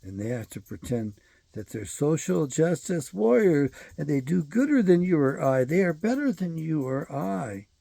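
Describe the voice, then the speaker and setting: A man's voice: a little high, big pitch swings, moderate pace, vocal fry, dark tone, no echo. A man hosting his own show, delivering a rambling, profane and emphatic solo commentary monologue. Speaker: show host.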